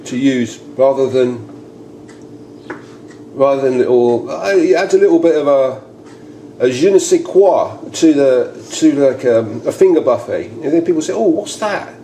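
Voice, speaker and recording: Chatty British man, mellow voice. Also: medium pitch. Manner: rambling, chatty, full of restarts. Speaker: cooking video host. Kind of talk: casual cooking demonstration. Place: home kitchen. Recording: echoey kitchen, faint noise.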